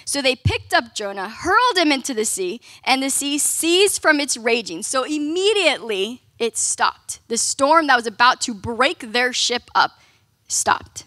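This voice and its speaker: A woman's voice: high-pitched, very animated, measured pace, sharp tone, no room sound. A young woman giving a casual, conversational youth sermon, often saying "like" and "right?". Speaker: youth ministry speaker.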